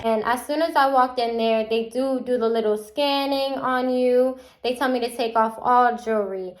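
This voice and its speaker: A young adult woman telling a casual storytime vlog, animated and chatty, acting out the people she quotes. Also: fairly high pitch, normal speed, faint music behind. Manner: animated, acts out quotes with a chatty run-on delivery. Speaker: vlogger.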